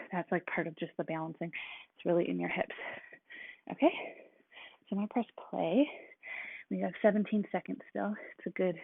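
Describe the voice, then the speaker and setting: A woman casually talking through workout moves as a fitness instructor, relaxed and chatty with many fillers. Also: lowish voice, vocal fry, husky, no echo. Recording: tinny, dry, phone-like sound.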